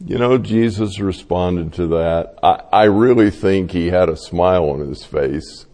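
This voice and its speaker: A man preaching a sermon, telling stories slowly and acting out the voices of the people in them. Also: low-pitched, a little mellow, long reverb tail. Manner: slow, storytelling delivery acting out quoted voices. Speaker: pastor.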